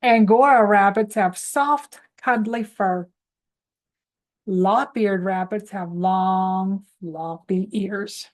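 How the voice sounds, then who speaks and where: A woman teaching toddlers at an unhurried pace, leading clap-along chants and prompting the children to repeat after her. Her voice sits at an ordinary middle pitch, and she pauses to answer her own questions for them. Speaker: preschool teacher host. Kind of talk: children's morning lesson.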